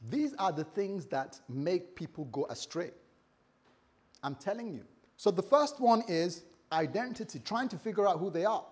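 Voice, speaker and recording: High-voiced animated male preacher. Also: normal speed. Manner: animated, acts out characters in dialogue. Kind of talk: sermon.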